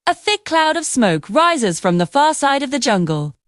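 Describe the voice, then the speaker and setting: A woman narrating a children's cartoon story, her higher voice rising and falling with a lively, expressive storytelling lilt. The sound is dry and close to the mic. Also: normal speed, no echo.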